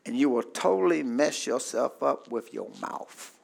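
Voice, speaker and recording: A man preaching a sermon in call-and-response style, repeating lines and asking the congregation to say them back, swinging between soft asides and shouted climaxes. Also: medium pitch, measured pace, gravelly. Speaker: pastor.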